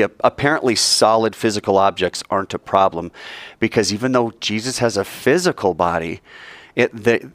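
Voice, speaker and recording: A man teaching about the Bible and taking questions, playful and animated, acting out scenes with little sound effects. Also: on the low side, no room sound.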